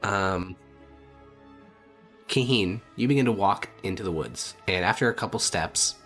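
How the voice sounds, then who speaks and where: A man with a fairly low voice narrates a tabletop fantasy game as its game master. He describes the scene in a relaxed, casual way, leaning on fillers as he goes. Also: unhurried, soft background music.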